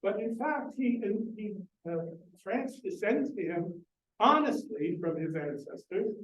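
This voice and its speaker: A man's voice: high voice, very animated, unhurried, fairly bright tone, dull audio, slight background noise. A man giving a public lecture on literature in a library, explaining earnestly and putting questions to his audience. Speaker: lecturer on Shakespeare. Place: library meeting room. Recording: echoey room, distant mic.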